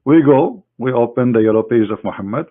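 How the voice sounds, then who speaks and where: A man giving a combative screen-share lecture in mocking, halting English as an online debater. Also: mid-range voice, lively intonation. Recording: tinny phone-like online audio.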